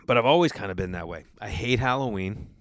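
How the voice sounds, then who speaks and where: A man's voice: on the low side, animated, fast talker, dry recording, studio quality. A man in his thirties, a comedian hosting his own podcast, telling loose, profane stories and acting out the people he quotes. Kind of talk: casual storytelling monologue.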